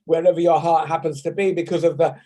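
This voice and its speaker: A playful English man leads a laughter yoga class over a video call, joking about himself as he teaches. His voice sits fairly high for a man, and he shows each laugh sound out loud to his students. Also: level tone, quick pace. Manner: playful, self-mocking, demonstrating laugh sounds loudly. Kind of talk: online class instruction. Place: home room on a video call.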